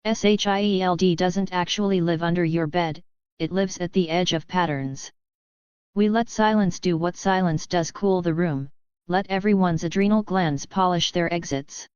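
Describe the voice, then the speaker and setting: A woman narrating an audiobook in a steady, measured read. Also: fairly low pitch, smooth, no echo, dull audio.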